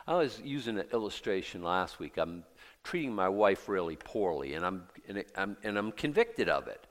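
Male pastor, animated sermon delivery, self-deprecating, long church reverb. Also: deep voice, moderate pace. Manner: animated, self-mocking, acts out quoted voices. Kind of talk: expository sermon.

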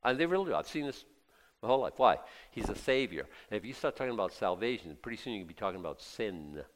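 A middle-aged male pastor preaching a sermon in a chatty way, dropping to quiet asides and rising to loud emphatic bursts. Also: lowish voice, very animated, fast. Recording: long hall reverb.

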